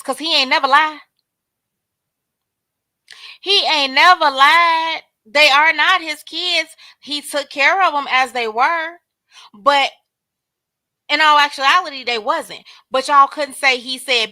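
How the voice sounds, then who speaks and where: A woman's voice: high voice, measured pace, long pauses, pushed and bright, no room sound. A woman hosting a casual livestream commentary, talking straight to her viewers and calling out chat names. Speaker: livestream host.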